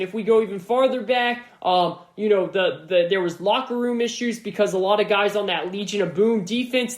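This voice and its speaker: A man hosting a sports podcast, talking through his opinions in a casual, emphatic monologue and repeating points for stress. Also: high-pitched. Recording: roomy echo.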